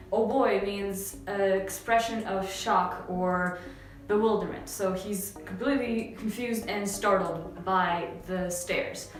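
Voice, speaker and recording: A young woman from Canada, explaining English phrases in a relaxed, chatty lesson with many fillers. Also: medium pitch. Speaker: English teacher. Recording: very echoey room with faint music.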